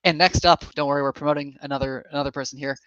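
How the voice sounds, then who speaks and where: A man hosting a live online summit, talking quickly in a chatty, self-correcting way. His voice comes through a muffled, lo-fi mic with a very dry sound and no room echo. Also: on the high side, fairly even intonation, fairly bright tone, smooth. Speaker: summit host.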